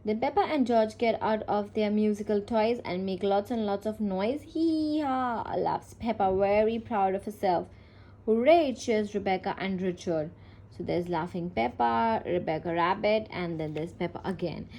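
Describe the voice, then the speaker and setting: A woman's voice: mid-range voice, steady tone, normal speed, dark tone. A woman reading a children's picture book aloud at home, talking casually between pages with fillers and small slips. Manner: reads plainly with fillers and self-corrections, little character voicing. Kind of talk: casual read-aloud with commentary.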